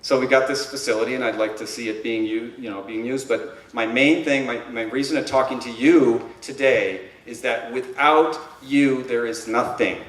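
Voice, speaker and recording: A man's voice: mid-range voice, normal speed, hardly any pauses. Guy giving a conference talk, all fired up and emphatic, kinda rambly, sounds far off from the mic in an echoey hall. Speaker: conference presenter. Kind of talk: conference presentation. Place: conference room. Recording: roomy echo, distant mic.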